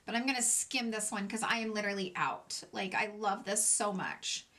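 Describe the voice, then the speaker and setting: A woman beauty vlogger chatting excitedly through a casual product review, gushing and chatty. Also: mid-range voice, normal speed.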